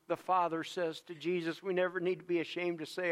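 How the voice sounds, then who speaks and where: Earnest male pastor, high and smooth. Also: flat delivery, brisk. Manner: earnest, emphatic, repeats phrases for emphasis; swings between hushed and loud stretches. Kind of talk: sermon.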